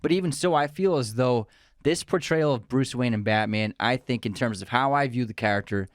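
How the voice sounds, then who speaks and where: A man's voice: mid-range voice, a little fast, no echo, studio quality. A young man co-hosting a podcast, chatting casually and enthusiastically about films with his brother. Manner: enthusiastic, opinionated. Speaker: podcast co-host. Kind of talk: casual film chat.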